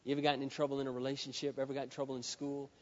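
A male pastor delivering a sermon to a live audience in a large hall. He drops to hushed lines, then builds to shouts. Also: mid-range voice, level tone, rapid-fire. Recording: dull, reverberant hall sound.

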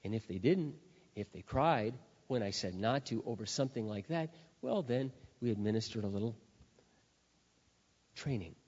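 A middle-aged male pastor delivers a forceful sermon, pushing loud emphasis and then sinking into low, intense stretches. His voice carries a long hall reverb, and the sound is slightly dull, as if from an older recording. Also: animated, moderate pace, breathy edge.

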